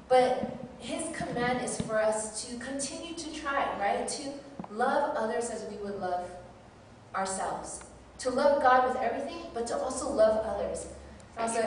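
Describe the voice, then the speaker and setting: A woman teacher with a fairly high voice shares a candid, self-deprecating personal testimony as a sermon. The mic is far away in a very echoey hall, with background noise audible.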